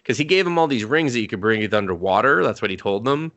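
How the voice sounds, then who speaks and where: A young man casually recapping an anime film, rambling and profane, and acting out characters in quick asides. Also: medium pitch, animated, fairly bright tone. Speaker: podcast co-host.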